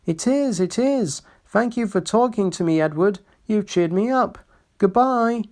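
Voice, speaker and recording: A man voicing a kindly old little male steam engine in a storybook reading, telling gentle memories. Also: high voice, animated, unhurried, voice pushed up. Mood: grateful.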